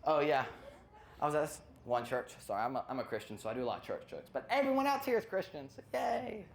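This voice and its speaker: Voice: medium pitch, sing-song, fast talker, gravelly, slight background noise. A stand-up comedian who rambles through a routine, often losing their place and cutting in on themselves. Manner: rambling, loses place and self-interrupts.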